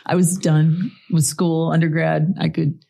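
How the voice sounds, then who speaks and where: A woman in her forties from Colorado, a podcast guest recalling her past in relaxed, reflective casual chat. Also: sits low, measured pace, gravelly, slightly rough. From Colorado, USA.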